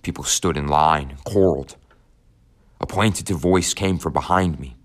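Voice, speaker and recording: In a very deep male voice, the narrator reads a first-person audiobook from a script. The delivery stays steady and somber, never hurried.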